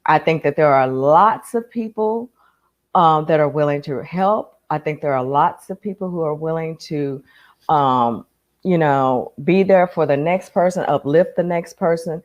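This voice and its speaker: A woman with a lowish voice speaks on a casual podcast. She tells her stories with firm emphasis and drops in a "honey" or a "darling". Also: a little slow, highs cut off. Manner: emphatic, storytelling, calls people honey and darling. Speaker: podcast guest.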